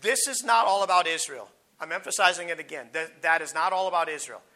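Preacher, male, high and very bright voice, hoarse, clears his throat, slow emphatic scripture reading. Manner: reads scripture slowly and emphatically, with stumbles and restarts in asides. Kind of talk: sermon, Bible teaching.

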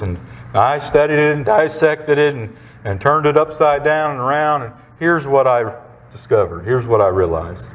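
A man preaching a sermon, reading scripture and explaining it in a deliberate, emphatic way, repeating his key phrases for weight. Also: on the high side, animated. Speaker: pastor.

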